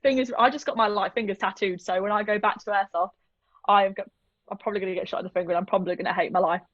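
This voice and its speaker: Rapid-fire and fairly bright, this mid-range, steady-toned voice belongs to a UK woman who plays airsoft and vlogs. She's a guest on a video call, chatting casually and poking fun at herself in an interview. The sound is lo-fi with no echo.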